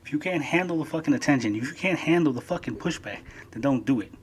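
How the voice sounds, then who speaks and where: A man's voice: fairly high pitch, expressive, quick pace, a little hiss or hum. A man YouTuber delivering a heated, profane rant to his channel. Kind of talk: angry rant.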